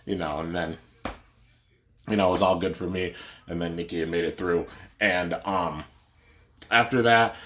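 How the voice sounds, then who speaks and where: A man's voice: sits low, steady tone, a little fast, a bit bright. A young man vlogging a casual storytime, rambling with lots of fillers and restarts. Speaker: YouTuber.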